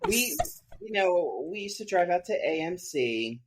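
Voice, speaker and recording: Lively low-voiced woman telling stories. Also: measured pace, a little hiss or hum. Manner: animated storyteller, acts out quoted voices. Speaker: podcast co-host. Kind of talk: casual chat.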